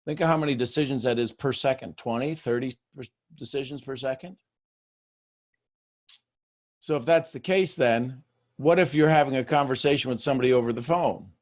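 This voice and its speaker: A man with a medium-pitched voice, speaking a little fast, hosts a motivational talk. He fires rhetorical questions at listeners, swinging between hushed asides and loud bursts.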